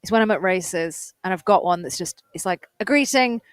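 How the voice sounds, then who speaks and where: A woman's voice: lowish voice, animated, normal speed, no room sound. A British woman co-hosting a live race broadcast, chatting casually and pronouncing words carefully. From United Kingdom. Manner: crisp, careful pronunciation. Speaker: livestream co-host. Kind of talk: casual commentary chat.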